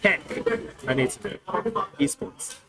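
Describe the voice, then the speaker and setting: A man commentating an esports tournament, joking and hyped, swinging between shouts and mumbles. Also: high voice, big pitch swings, moderate pace, rough recording. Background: game music.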